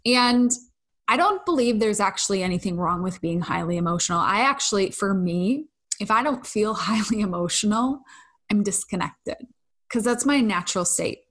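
A woman hosts a casual solo podcast in an open, emotionally expressive way. She speaks at a middling pitch, swears now and then, sighs and laughs between thoughts, and often restarts her sentences. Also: normal speed. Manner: candid, effusive, swears casually, trails off and restarts. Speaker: podcast host.

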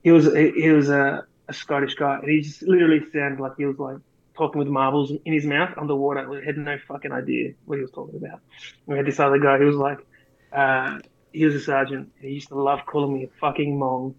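A man's voice: medium pitch, level tone, quick pace, vocal fry. A man co-hosting a podcast, swearing as he rambles through army anecdotes. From Australia. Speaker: podcast co-host, army veteran. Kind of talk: casual storytelling. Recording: dull lo-fi recording.

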